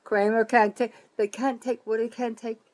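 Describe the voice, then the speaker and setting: A woman's voice: on the high side, little pitch movement, moderate pace. Older woman in her 70s, fired-up solo political rant, swears a lot, hammers her points over and over. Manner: angry, profane, accusatory; emphatic, repeats herself for stress. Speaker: citizen vlogger. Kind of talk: ranting political monologue.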